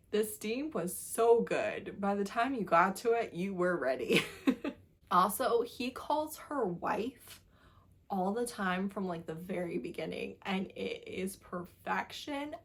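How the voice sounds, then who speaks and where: A woman chatting casually in a book review vlog, gushing and animated, laughing often. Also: mid-range voice.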